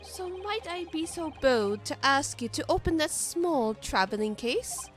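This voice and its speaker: A young woman plays through a game on stream, reading the lines aloud in her own voice and cutting in with exasperated, sweary jokes. Her voice sits high and swoops expressively at an unhurried pace. Soft music plays underneath. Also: big pitch swings. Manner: sarcastic, swearing, exasperated asides. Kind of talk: game playthrough with commentary, reading all roles.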